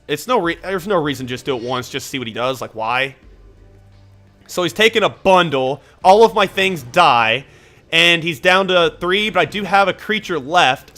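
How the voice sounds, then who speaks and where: A man commentating his own card game match as he plays, thinking aloud, getting excited and swearing when frustrated. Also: sits high. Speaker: gameplay commentator. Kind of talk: live gameplay commentary.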